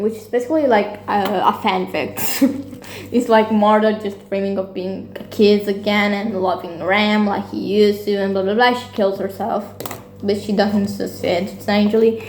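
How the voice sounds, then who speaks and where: A young woman recapping a musical's plot in a casual, rambling way, swearing and dropping into quick character voices. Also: mid-range voice, level tone, darkish tone. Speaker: vlogger. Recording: echoey room with faint music.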